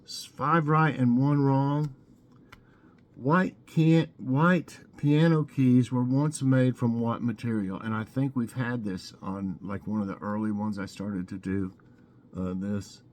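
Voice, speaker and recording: A man with a mellow, relaxed voice hosts a laid-back trivia segment. He mulls over each question aloud, drawing out the choices before reading the answer. His tone is chatty and unhurried. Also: medium pitch. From Tennessee. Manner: chatty and musing, drawls out answer options. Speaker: vlogger hosting trivia.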